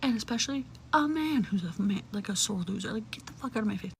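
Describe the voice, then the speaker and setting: Young woman, casual storytime, vocal fry, chatty, "like" fillers, swearing, whispery asides. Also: mid-range voice, lively intonation, quick pace, a little hiss or hum, low-quality recording.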